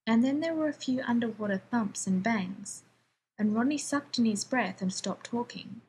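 A woman reading a story aloud in a calm, even narrating voice. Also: medium pitch, moderate pace, slight background noise, poor audio. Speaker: reader. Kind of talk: audiobook reading of fan fiction.

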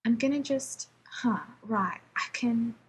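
Brief: nervous, prickly male scientist, read by a woman, rambles with sarcasm, fast and wordy. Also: a little high, husky, exaggerated voice. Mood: nervous rambling. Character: anxious, prickly male scientist defusing a bomb.

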